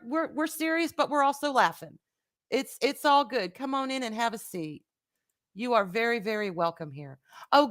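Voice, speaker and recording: A woman's voice: on the high side, bright, forceful tone. Earnest woman hosting a heartfelt live vlog. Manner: earnest, repeats words as she restarts, greets live viewers by name. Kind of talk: heartfelt casual talk to viewers.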